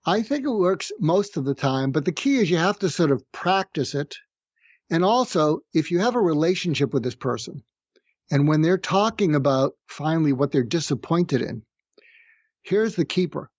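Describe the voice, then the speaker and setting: A middle-aged man, a psychiatrist guest on a podcast interview, explaining techniques in a calm, methodical way and slowly acting out sample phrases. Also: fairly high pitch, dry recording, lo-fi sound. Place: room with street noise outside.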